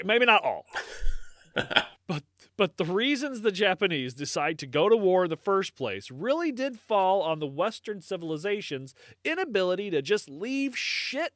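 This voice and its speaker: A man's voice: high-pitched, fairly bright tone, no echo, clean studio sound. Rambling American man on a podcast. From United States. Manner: rambling, many fillers, swears casually, laughs at own jokes. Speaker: podcast host. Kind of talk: casual history podcast chat.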